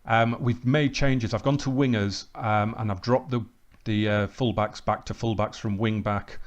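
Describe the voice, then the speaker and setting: A man's voice: fairly low pitch, measured pace, dull audio. A man hosting a football management game let's play, calling the match like a commentator and chatting about his tactics. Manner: excited play-by-play, then calm chatty asides.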